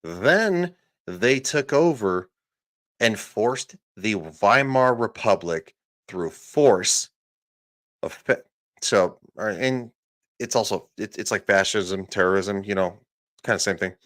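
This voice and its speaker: Slow-talking, profane male streamer. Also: on the low side, animated, fairly bright tone. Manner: profane, sarcastic, laughing asides. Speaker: streamer reacting to a podcast clip. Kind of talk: casual live commentary.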